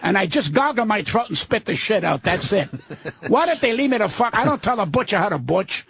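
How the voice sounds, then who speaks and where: An older man rants on a radio talk show, cursing bluntly at everything that annoys him. His voice sits fairly high and has a gravelly, husky grain. He speaks into a studio microphone. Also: big pitch swings, fairly quick, a bit bright. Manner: profane, ranting, blunt. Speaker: guest comedian.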